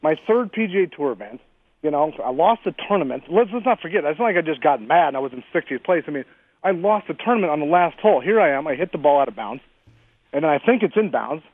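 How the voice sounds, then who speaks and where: A man in his forties talks fast and bluntly, with a fiery edge and casual swearing. His voice sits a bit high for a man. He is heard over a thin, tinny phone line. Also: expressive, no room sound. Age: 40s. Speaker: guest. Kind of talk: casual interview chat.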